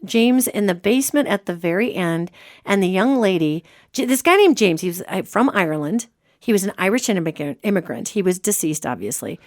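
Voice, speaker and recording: A woman hosting a podcast as a medium, an animated storyteller who acts out quotes in casual chat. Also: medium pitch, a little fast. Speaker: host and medium.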